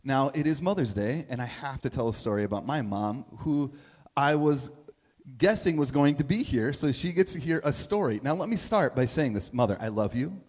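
A middle-aged pastor gives a sermon, telling stories conversationally and often asking "right?" His medium-pitched, darkish voice is expressive and moves at a normal speed, with the long reverb of a big hall around it.

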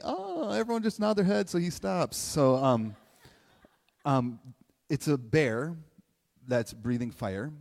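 A middle-aged man giving a live motivational talk, conversational and animated, often asking questions and tagging "right?". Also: medium pitch. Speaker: motivational speaker. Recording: long hall reverb.

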